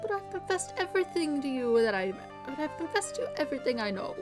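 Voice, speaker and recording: A woman's voice: sits high, sing-song, fast talker. A woman voicing a flamboyant middle-aged male French chef with a fake French accent, theatrical and indignant, over game music. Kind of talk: reading game dialogue aloud on stream.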